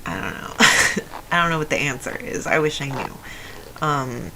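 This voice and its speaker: A young adult woman with a low voice often taken for a man's, telling a personal story in a rambling way with many fillers and restarts. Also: animated, normal speed, vocal fry, heavy background noise. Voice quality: low voice often heard as male. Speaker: video essayist.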